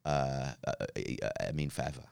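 A man with a very low, smooth and resonant voice chats casually as a podcast guest. He rambles, restarting and repeating words as he goes. The studio sound is close and dry. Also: flat delivery, moderate pace, a little mellow, no echo. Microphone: studio podcast mic.

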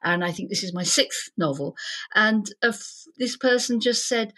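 A woman, an author and vicar, telling personal stories with lively emotion in an interview. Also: medium pitch, moderate pace. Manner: animated, emotional storytelling. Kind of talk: interview conversation. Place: Devon, England.

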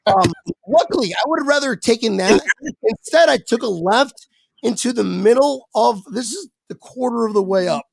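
Gravelly man telling a rambling story. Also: extremely high pitch, moderate pace, no echo. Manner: rambling, animated, swears freely, voices his younger self. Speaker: podcast guest. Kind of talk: casual storytelling.

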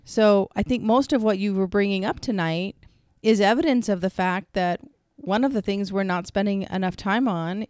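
A woman's voice: medium pitch, darkish tone, clean tone, no room sound, studio quality. A woman co-hosting a casual talk show, explaining things earnestly and with many restarts, and getting flustered when she is teased. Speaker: podcast co-host. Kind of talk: casual chat.

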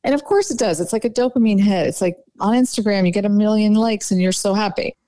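A woman's voice: mid-range voice, fast talker, no echo. Woman dating coach, chatty, says like a lot, dry close sound. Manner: chatty, animated, lots of "like" and "you know". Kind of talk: casual podcast interview.

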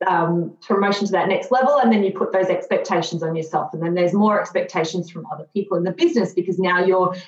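In a dull, roomy lo-fi recording, a podcast guest in her thirties talks fast and barely pauses, her voice on the lower side. She's candid about her own story, reflective and sincere, with bursts of sarcasm aimed at herself.

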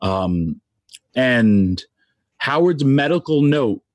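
A tearful man giving an emotional tribute, halting and restarting as his voice catches. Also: medium pitch, no room sound. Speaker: guest speaker.

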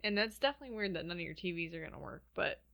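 A woman with a bright, forceful voice chats casually as co-host. She tosses in playful, joking remarks. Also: on the low side, animated, very fast, gravelly. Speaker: podcast co-host. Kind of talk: casual chat.

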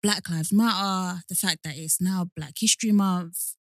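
Woman co-host, thoughtful and agreeable, lower pitch, dry close mic. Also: normal speed, fairly bright tone, no echo. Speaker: podcast co-host. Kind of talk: casual chat.

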